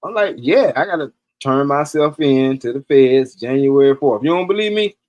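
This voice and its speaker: A man's voice: mid-range voice, moderate pace, muffled recording. A man telling a personal story in casual, profane talk on a live stream, acting out the lines of the people in it. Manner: profane, animated, acts out quoted dialogue.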